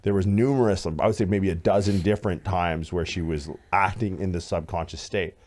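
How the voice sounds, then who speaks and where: A man in his thirties co-hosting a podcast, telling a story in casual chat, animated and swearing, acting out what others said. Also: deep voice, a little fast. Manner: animated, swearing, acts out quoted voices loudly. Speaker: podcast co-host.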